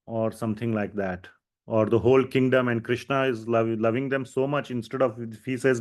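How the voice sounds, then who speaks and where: A man leads a scripture class, recounting the dialogue of the story at an easy, conversational pace. His voice sits in an ordinary middle register, and he pauses with small fillers while he explains. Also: mid-range voice, fairly even intonation. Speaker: lecturer.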